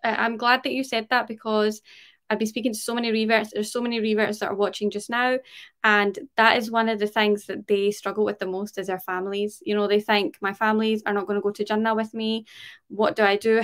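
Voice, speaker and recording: A woman's voice: a little high, fairly bright tone. A woman with a Glaswegian Scottish accent, hosting an interview and listening more than talking. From Scotland. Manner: brief, agreeable listener. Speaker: podcast host. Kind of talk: interview conversation.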